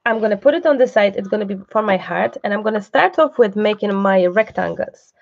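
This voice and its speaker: A woman leads a live craft tutorial with a slightly gravelly, fry-tinged voice, chatting and reassuring as she works. She breaks off now and then for asides to someone behind the camera. The live-stream audio comes through dull and muffled. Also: medium pitch, animated, brisk, a little mellow, dry recording. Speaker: craft teacher hosting a live online class.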